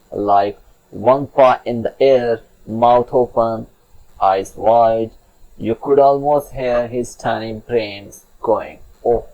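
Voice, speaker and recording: A man's voice: mid-range voice, darkish tone, dull audio. A man telling a children's fable in a chatty, playful storybook narration with asides to the listener.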